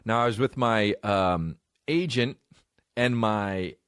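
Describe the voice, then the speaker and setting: A man's voice: lowish voice, slow pace, clear, resonant tone, no echo, studio quality. A man telling a story in a loose, profane way and acting out what other people said. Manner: animated, profane, acts out other people's lines. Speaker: comedian. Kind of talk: storytelling chat.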